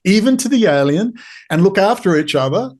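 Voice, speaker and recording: A man's voice: high voice, lively intonation, brisk, darkish tone, pitched above the performer's own voice. A man with an Australian accent voicing an exasperated, scolding God in a quoted aside.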